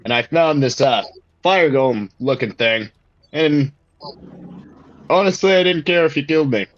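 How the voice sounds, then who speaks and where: A man playing a weary soldier who tells his tale haltingly, with many fillers. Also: a little high, lively intonation, no echo, dull audio, natural voice. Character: weary soldier, lone survivor.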